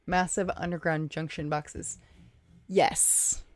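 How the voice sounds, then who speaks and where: A woman with a low, steady voice hosts a casual livestream, speaking slowly as she chats, thinks aloud, reads viewer comments, and thanks people by name. The recording is dry.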